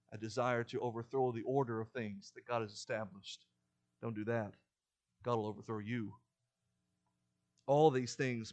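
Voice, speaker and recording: A man preaching a sermon in a church, building to loud, urgent warnings and dropping back to a quiet explanatory tone. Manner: emphatic, rises in pitch and volume to stress warnings. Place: church sanctuary.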